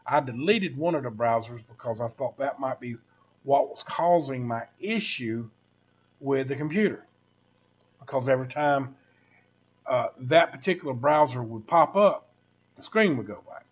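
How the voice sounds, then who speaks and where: A man's voice: mid-range voice, lively intonation, moderate pace, slightly rough. Sixties male streamer, rambling preachy rant over a muffled computer mic. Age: 60s. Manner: rambling, preachy, addresses viewers as folks. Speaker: livestream host. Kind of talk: casual livestream rant.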